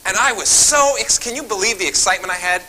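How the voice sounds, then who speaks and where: Bright, animated New man. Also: high-pitched, quick pace, low-quality recording. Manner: animated, acts out phone calls, talks to the audience. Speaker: seminar speaker. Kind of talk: seminar storytelling.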